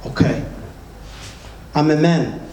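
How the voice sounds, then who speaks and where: Speaking slowly in a somewhat high voice, a man gives an emphatic motivational address, regularly turning questions on the crowd. The setting is a large hall full of listeners, captured with echo and background noise.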